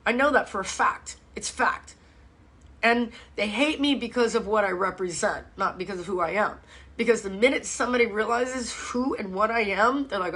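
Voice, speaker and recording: A woman's voice: mid-range voice, moderate pace, bright, forceful tone. Blunt, swearing woman ranting. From Miami, USA. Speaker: fitness host. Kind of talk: live-stream ask-me-anything chat.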